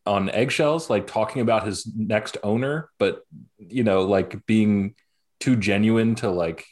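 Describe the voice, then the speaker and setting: A man co-hosting a casual sports podcast, laid-back and quick to laugh as he reacts and chimes in. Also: on the low side, a little mellow. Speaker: podcast co-host.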